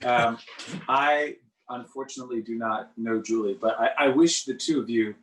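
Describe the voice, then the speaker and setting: A man's voice: medium pitch, normal speed. A man from the south of France, a podcast guest, chatting easily with lots of uhs over a remote call. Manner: easygoing, meandering, many uhs. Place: home room by the sea in England. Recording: roomy, distant call audio.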